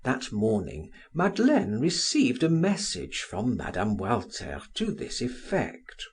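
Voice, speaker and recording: A man narrating a classic novel as an audiobook, reading in an expressive, measured way. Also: mid-range voice, husky. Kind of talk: scripted narration.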